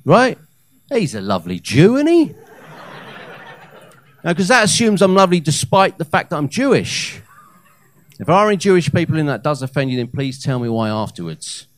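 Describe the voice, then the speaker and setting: Guy in his 30s doing standup at a club, voice jumps all over, dry sound, lots of uhs then big loud bits. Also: a little high, dry recording. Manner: animated, with hesitant fillers and loud punchlines. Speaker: stand-up comedian. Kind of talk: live stand-up set. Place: comedy club stage. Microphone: handheld stage mic.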